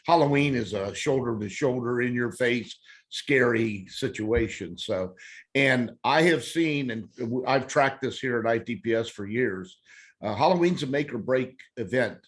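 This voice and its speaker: A man hosting a podcast panel interview, asking questions in a relaxed, chatty way. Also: mid-range voice, unhurried. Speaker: podcast host.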